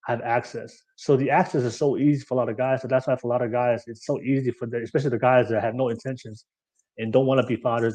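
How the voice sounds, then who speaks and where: A man hosting a casual podcast conversation, telling a story in an animated way, with frequent restarts and fillers. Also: medium pitch. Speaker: podcast host.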